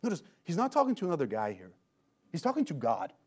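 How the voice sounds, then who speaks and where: A man preaching an expository sermon, animated and emphatic, using rhetorical questions. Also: a little high, fast talker.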